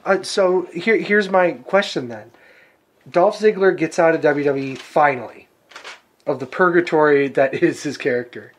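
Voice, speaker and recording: A man's voice: a little high, normal speed. A man co-hosting a wrestling podcast in casual chat, swearing freely and laughing often. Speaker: podcast co-host.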